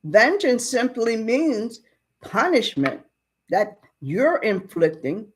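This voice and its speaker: A woman preaching in an unhurried way, retelling a tale before turning it into a lesson. Her pitch swings widely as she puts questions to her listeners. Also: husky. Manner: animated, asks the listeners questions. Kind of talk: sermon storytelling.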